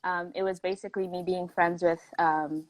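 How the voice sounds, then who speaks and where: Her voice sits on the low side, with little pitch movement and a moderate pace. This young woman, South African by origin with a Canadian accent, is a guest telling chatty stories heavy on "like." The recording is rough, with no room sound.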